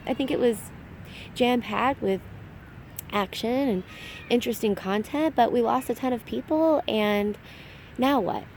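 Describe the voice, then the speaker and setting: A young adult woman hosting a casual fan recap, talking in a chatty, animated way and laughing at her own slips. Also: on the high side, slight background noise.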